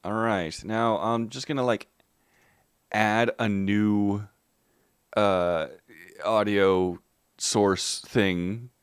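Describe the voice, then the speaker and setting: A man's voice: lowish voice, fairly even intonation, very slow, pauses often, clear, resonant tone, no echo, clean studio sound. A man streaming live, greeting his chat by name and muttering to himself while he fixes his tech.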